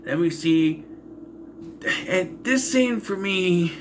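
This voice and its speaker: A man's voice: high-pitched, lively intonation, slow pace, slight background noise. A man casually reviewing a horror film, rambling through the plot with asides and dry, exasperated remarks on its holes. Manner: rambling, loose retelling with frequent asides and fillers. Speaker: movie reviewer.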